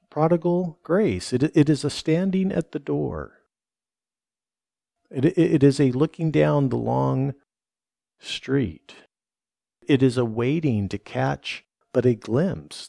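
Male pastor, mellow dark tone, unhurried sermon delivery with repeated refrains. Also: medium pitch, gravelly, dry recording, clean studio sound. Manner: reflective, repeats phrases for emphasis, reads scripture aloud.

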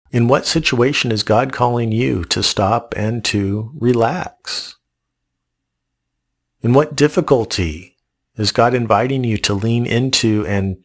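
A man preaching a devotional sermon, speaking in measured, repeated phrases and often restarting his words. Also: mid-range voice, gravelly. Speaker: pastor.

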